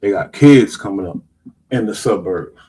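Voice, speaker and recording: A man's voice: lowish voice, expressive, normal speed, dark tone, breathy edge, low-quality recording. A man hosting a show, reacting to clips in loose slang and rambling, casual commentary. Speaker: show host.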